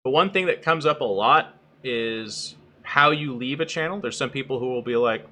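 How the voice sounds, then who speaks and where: A man hosting a casual chat, animated, often mimicking others in quoted voices. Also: medium pitch, normal speed, few pauses, a little hiss or hum. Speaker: host.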